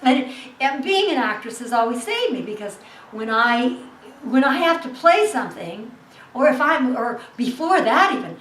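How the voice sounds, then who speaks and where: Actress guest, lively and animated, a bit high. Distant mic in a roomy space. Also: female voice, normal speed, a little hiss or hum. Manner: lively, acts out the people in her story. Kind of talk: animated anecdote telling.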